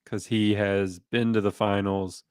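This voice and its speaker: A man co-hosting a sports podcast, rambling in a relaxed way with lots of fillers and restarts. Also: lowish voice, a little slow, clean tone, no echo. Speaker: podcast co-host. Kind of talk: casual sports chat.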